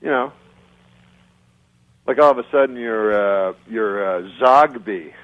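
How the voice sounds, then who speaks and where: A man, a stand-up comedian, chatting casually in a dry deadpan way, pausing often with "uh". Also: fairly low pitch, muffled recording. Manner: deadpan, halting with many uh pauses. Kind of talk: casual chat between comedians.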